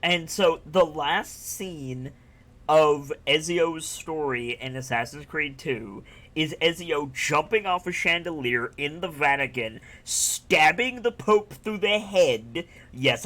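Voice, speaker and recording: A man with a fairly high voice gets carried away retelling game scenes, laughing and swearing as he goes. His casual chat is quick and loose. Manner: excitable storyteller, laughs often, swears casually.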